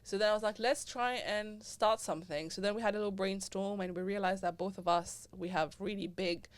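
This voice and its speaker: A young woman, a podcast host being interviewed, chatting casually and acting out quoted lines with big jumps in pitch. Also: little pitch movement, fast, no room sound. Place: living in Dubai.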